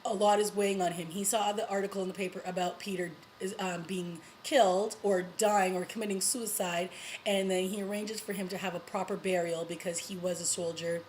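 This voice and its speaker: A woman talks through a TV episode like she's catching up with a friend. She is chatty and eager, full of fillers and quick laughs, at an ordinary middle pitch. A faint hiss sits under her voice. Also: poor audio. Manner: chatty and excited, full of you-knows and little laughs. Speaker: TV review vlogger. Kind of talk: casual episode recap.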